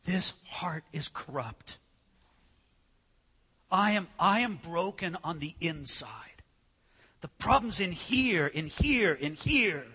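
A man voicing a humble, broken male tax collector, speaking low and half-whispered. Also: animated, slow pace, long pauses, pushed and bright, breathy edge, full character voice. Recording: reverberant hall.

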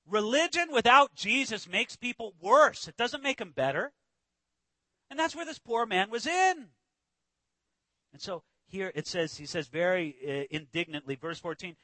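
A man preaching a sermon, walking through a Bible passage verse by verse and acting out its scenes with lively emphasis. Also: high-pitched, no room sound, low-quality recording. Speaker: pastor.

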